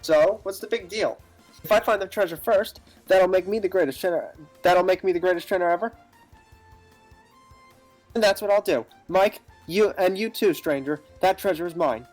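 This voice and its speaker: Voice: medium pitch, normal speed, darkish tone, faint music behind, lightly acted. A player voicing an impatient, boastful young male rival trainer in a video game.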